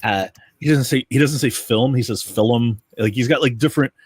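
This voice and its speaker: A man co-hosts a comics livestream, talking fast in a husky mid-range voice. His casual chat rambles with enthusiasm and many restarts, picked up clean with no echo on a livestream mic.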